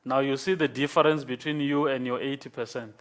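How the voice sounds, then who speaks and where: A man lecturing a class, explaining slowly and patiently and checking in with "okay?". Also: medium pitch, steady tone.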